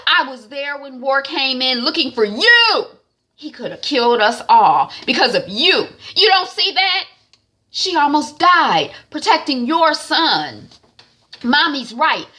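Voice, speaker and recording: A woman doing an angry young man, exasperated, shouting, high lively voice. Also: a little slow, heavily acted.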